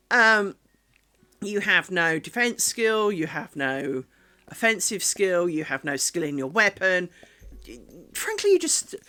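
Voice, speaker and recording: Wry, lively woman streamer chatting. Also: medium pitch. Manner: chatty, wry, self-deprecating, talks to her pets. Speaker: craft streamer. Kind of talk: casual live-stream chat. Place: home craft room. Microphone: desk microphone.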